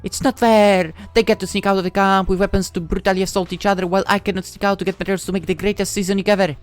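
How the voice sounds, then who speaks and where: A performer voicing an excitable, diminutive girl who keeps pitching strange homemade products, talking in quick pleading sales patter. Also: faint music behind, close to an everyday voice. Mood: indignant. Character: small excitable girl peddling odd products.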